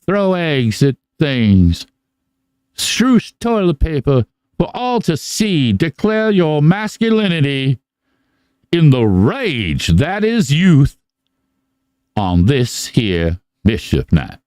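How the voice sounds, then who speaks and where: A man puts on a drunken father with an old-west drawl. He sings out grand orders to his boy, high and unhurried, in slow, stretched phrases. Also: very animated, darkish tone, clean tone, no room sound. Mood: rowdy, grandiose.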